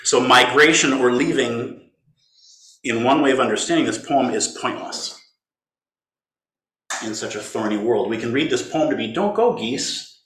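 A man giving a gentle, playful Zen dharma talk, laughing often as he teaches. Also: mid-range voice, normal speed, pauses often, a little hiss or hum. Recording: roomy hall.

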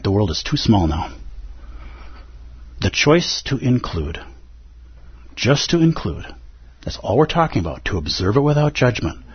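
A man's voice: on the low side, slightly rough, highs cut off. A man giving a dharma talk as a meditation teacher, earnest and pleading, with playful asides.

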